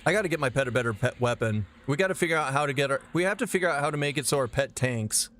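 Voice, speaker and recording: A man's voice: mid-range voice, rapid-fire. A man streaming a game live, chatting casually with his chat, rambling and swearing as he plays. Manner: profane, animated, rambling.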